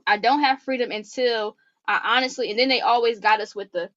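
A woman guest on a faith-based podcast, talking earnestly in an animated, preacherly way. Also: fairly high pitch, a little fast, muffled recording.

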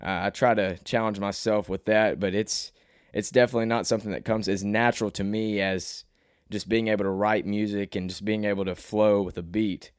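A man's voice: brisk, smooth, dry recording, studio quality. A young man from Arkansas with a slight Southern twang, hosting his own podcast in a rambling, self-deprecating monologue. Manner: rambling, self-deprecating, restarts often, rises in pitch when animated. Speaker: podcast host and rapper.

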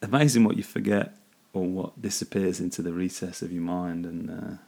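A man's voice: deep voice, steady tone, brisk, creaky, a little mellow. A man hosting his own podcast, musing casually in a rambling, self-deprecating way and often laughing at himself. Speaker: podcast host.

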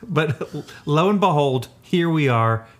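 A man's voice: on the high side, expressive, takes it slowly. A man co-hosting a podcast in casual chat, joking and rambling, often laughing. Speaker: podcast co-host.

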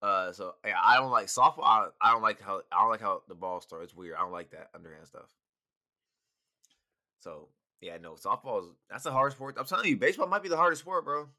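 A young man co-hosting a podcast in casual chat, profane and emphatic when making his point. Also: fairly low pitch. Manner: fast, animated, profane and emphatic. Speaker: podcast co-host.

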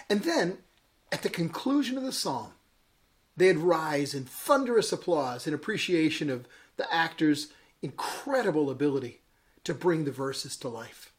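Male bishop with a higher-than-usual voice, delivering an expressive devotional sermon story. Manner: dramatic, varied delivery with chuckles at his own jokes. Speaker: bishop giving a daily devotional message.

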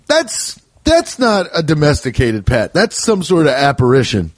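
A young man rambles through his solo podcast with loose, profane humor and quick quoted voices. His pitch leaps and dips expressively as he goes. The sound is close and dry, with no room around it. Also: big pitch swings, no room sound. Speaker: podcast host. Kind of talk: casual rambling monologue.

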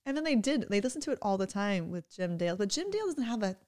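A woman in her thirties, a mother chatting casually on a podcast, animated and often laughing. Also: mid-range voice, quick pace. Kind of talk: casual chat.

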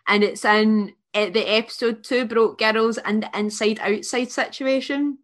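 A woman guest on a podcast, telling stories in a giggly, animated way. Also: fairly high pitch, unhurried. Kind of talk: casual podcast chat.

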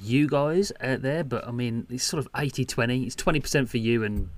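A man co-hosting a podcast in casual chat, easygoing, his sentences often trailing off softly. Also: medium pitch, a little fast. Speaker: podcast co-host.

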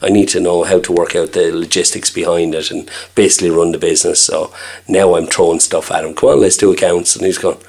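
A man's voice: sits low, level tone, quick pace, vocal fry, a little mellow. A middle-aged Irish man, a restaurant owner and chef, chatting in an interview and acting out the dialogue in his stories. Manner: chatty storyteller, acts out quoted dialogue. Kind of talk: casual interview chat.

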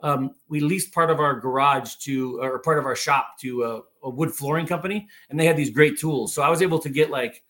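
A man's voice: on the high side, fairly quick, hardly any pauses, fairly bright tone. A man with a voice sitting a little above the usual male range, spinning a story for a podcast host. He talks casually and animatedly, leaning on filler words and acting out what people said. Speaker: podcast guest, woodworker.

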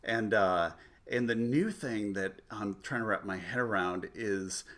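A man's voice: fairly low pitch, a little slow, a bit bright. A man in his forties telling a rambling family story in casual chat, full of restarts and self-mocking humor. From United States.

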